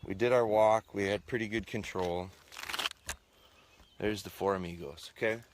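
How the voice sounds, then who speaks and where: A fairly low-voiced man talks casually to viewers while working his dogs outdoors on a farm, breaking off for short, firm heel and sit commands. His phone or tripod camera picks up noticeable outdoor noise. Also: fairly even intonation, moderate pace. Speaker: dog trainer. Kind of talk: live outdoor training stream. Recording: noisy outdoor livestream.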